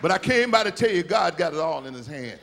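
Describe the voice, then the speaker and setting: A male pastor preaches in a high, bright voice. He tells the story casually, then builds up into shouted, ringing preaching. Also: very animated, quick pace, gravelly, a little hiss or hum. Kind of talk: sermon.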